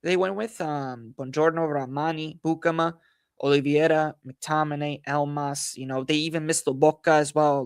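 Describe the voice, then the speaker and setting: A man hosting a football analysis livestream, hoarse from losing his voice, talking in a frustrated, rambling way full of fillers and repeated phrases. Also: fairly high pitch, no echo, clean studio sound. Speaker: football channel host.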